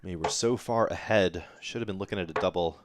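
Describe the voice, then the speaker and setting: A man doing live darts commentary, getting excited on big throws. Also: sits low, fairly quick, noisy background. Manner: excitable, rises sharply on big moments.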